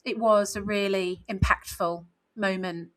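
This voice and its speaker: A woman in her forties co-hosting a podcast, speaking candidly and reflectively. Her thoughts often circle back through "you know"s and small restarts, and her pitch sits in an ordinary middle range for a woman. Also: fairly even intonation, unhurried, fairly bright tone, poor audio. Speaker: author and podcast co-host. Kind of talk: casual podcast chat.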